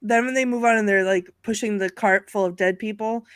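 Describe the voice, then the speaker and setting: A woman on a video call chatting excitedly with friends on a live stream, laughing often as she talks. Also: medium pitch, brisk, clear, resonant tone, dry recording. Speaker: panelist. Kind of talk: casual chat on a live stream.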